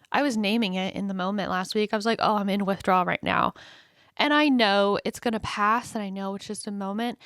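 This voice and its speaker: Chatty, candid woman with a higher voice. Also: a bit bright, no room sound, studio quality. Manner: chatty, candid, self-deprecating with frequent fillers; dramatic voice swings when quoting her own thoughts. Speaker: podcast host. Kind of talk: casual solo podcast monologue.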